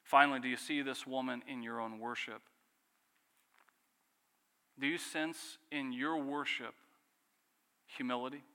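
A man with a bright, forceful voice preaches a sermon. He presses the listeners with rhetorical questions and lets key phrases fall quiet. A long reverb hangs behind him, as in a large hall. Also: medium pitch, fairly even intonation, unhurried, pauses often. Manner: earnest preaching with rhetorical questions and dramatic drops in volume. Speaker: pastor.

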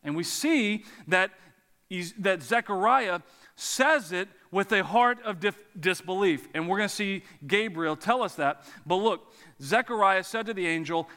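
An earnest male pastor preaching and praying, explaining scripture line by line. His voice is bright and a bit high for a man, with a long reverb from a big hall. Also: lively intonation, measured pace, clean tone. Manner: earnest, expository, uses emphasis. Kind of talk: sermon with prayer. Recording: long echo of a large hall.

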